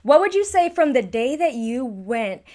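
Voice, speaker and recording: A woman hosts a podcast interview in a slightly high voice. She affirms her guest with quick interjections before asking long, open-ended questions. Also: very animated, dark tone. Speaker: podcast host. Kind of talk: interview conversation.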